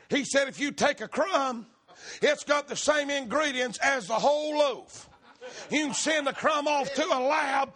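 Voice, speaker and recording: A man preaching a sermon, shouting in rhythm and then dropping to quiet storytelling. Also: very high voice.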